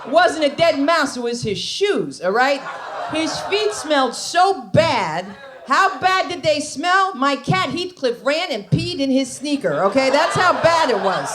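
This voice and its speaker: A woman performing a stand-up comedy set, telling wild stories with shrieks and frequent asides to the audience. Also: sits high. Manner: animated storytelling with shrieks and asides to the crowd. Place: comedy club stage.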